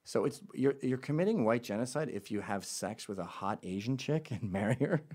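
A man's voice: medium pitch, lively intonation, fairly quick, darkish tone. A male host giving sarcastic, mocking commentary on voicemails he plays.

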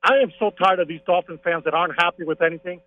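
Excitable high-voiced man on a phone line. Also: fast talker. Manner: excitable, opinionated sports fan. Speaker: caller. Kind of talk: casual call-in chat.

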